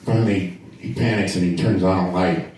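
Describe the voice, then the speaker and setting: A man's voice: sits low, fairly even intonation, fairly quick, darkish tone, slight background noise. A man with a drawl telling stand-up jokes and acting out the characters' lines. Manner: drawling storyteller, acts out characters in dialogue. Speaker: stand-up comedian. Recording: echoey room, mic heard from a distance.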